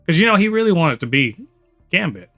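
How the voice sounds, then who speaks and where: A man's voice: a little high, sing-song, fairly quick, bright, forceful tone, faint music behind. A man hosting a casual podcast chat, talking enthusiastically and rambling with lots of fillers. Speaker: podcast host.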